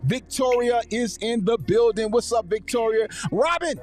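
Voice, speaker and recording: A man's voice: extremely high pitch, normal speed, a little mellow, soft background music. A man hosting a live online show, talking to viewers and greeting them by name in a sing-song way. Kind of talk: live-stream talk with viewer shout-outs.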